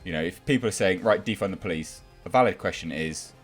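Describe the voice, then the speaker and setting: Deep-voiced man ranting sarcastically. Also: quick pace, faint music behind. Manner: sarcastic and exasperated, mocking. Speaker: YouTube film commentator. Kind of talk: ranting commentary.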